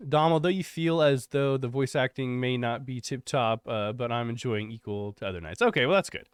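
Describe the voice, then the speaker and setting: A man's voice: on the low side, clean tone, no room sound. Brief: stuffed-up young male streamer, nasal, easygoing chat, dry mic. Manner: relaxed, rambling, thankful. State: congested and coughing. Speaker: live streamer. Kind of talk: casual chat with chat.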